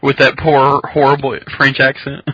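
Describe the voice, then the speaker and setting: A man's voice: medium pitch, monotone, moderate pace, husky, dry recording. A man co-hosting a podcast, with teasing, cocky banter in casual chat. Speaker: podcast co-host. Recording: dull muffled call audio.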